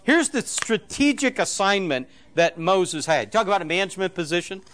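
A man's voice: high-pitched, a bit bright. A middle-aged man preaching a sermon, telling a story with quoted dialogue in an emphatic way. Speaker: pastor.

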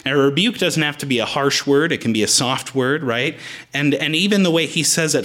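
A man's voice: a little high, a little fast, a bit bright. A man preaching a sermon, explaining the Greek words in the text as he teaches.

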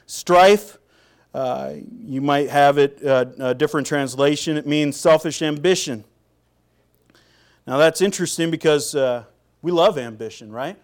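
A man preaching a sermon in a conversational way, with frequent fillers and restarts and quiet asides. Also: fairly high pitch, unhurried. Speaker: pastor.

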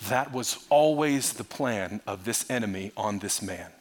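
A male pastor preaching a sermon with animated delivery, swinging between loud bursts and hushed, quiet lines. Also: lowish voice, measured pace.

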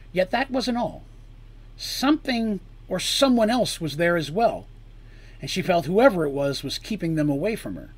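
A man with a somewhat high voice reads a dark fantasy story aloud. His dramatic delivery sinks low and quiet on grim moments and rises louder when the action builds. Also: no echo. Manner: expressive reading that drops low and quiet on grim lines and rises loud on tense ones.

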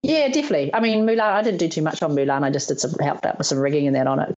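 Rapid-fire and low-voiced, a New Zealand woman in her thirties who works as a stunt performer tells stories in an informal interview. She's animated, laughs a lot, and acts out quoted lines, all in lo-fi sound.

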